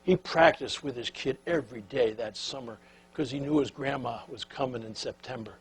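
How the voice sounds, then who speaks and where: An older man giving a talk on leadership, telling a story in a folksy, animated way and sinking to a soft, hushed voice at the tender moments. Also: mid-range voice, moderate pace, vocal fry, low-quality recording. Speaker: speaker on leadership.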